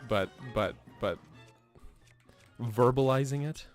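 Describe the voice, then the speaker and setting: A man's voice: medium pitch, slow pace, soft background music. A man chatting casually on a game live stream, joking and reading the chat aloud. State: a little out of breath.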